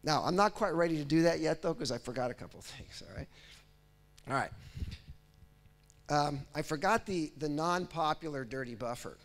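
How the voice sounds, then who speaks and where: Animated man lecturing in a higher register. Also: moderate pace, long pauses. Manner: lively, speaks as if he were the process, often checks in with "right?" and "okay?". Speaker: technical presenter. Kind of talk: conference lecture.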